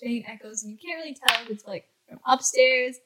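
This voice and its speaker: A woman's voice: fairly high pitch, a little fast, background noise. A woman narrating as game master of a tabletop game, giggly and rambling with lots of "like".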